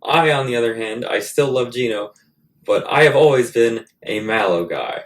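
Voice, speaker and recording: Guy doing a crude comedy rant, mocks himself a lot, middle pitched voice, goes loud then mutters asides. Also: moderate pace, faint music behind. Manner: crude, self-mocking jokes. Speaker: host. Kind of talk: comedic monologue.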